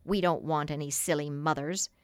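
Woman reader as a boastful flying boy, lower, sneering, dry sound. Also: normal speed, dry recording, natural voice. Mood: sulky. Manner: cocky, sneering. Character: boastful proud boy who flies.

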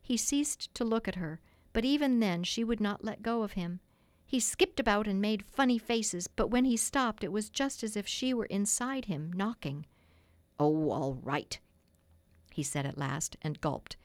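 A woman narrating a classic storybook in a gentle, measured reading. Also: fairly high pitch, animated, no room sound. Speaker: audiobook reader.

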